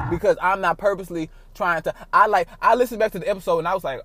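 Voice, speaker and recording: A man hosting his own podcast, talking casually in a rambling, profane way with big swings in loudness. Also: high voice, very fast, hardly any pauses, heavy background noise. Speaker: podcast host. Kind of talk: casual solo podcast monologue.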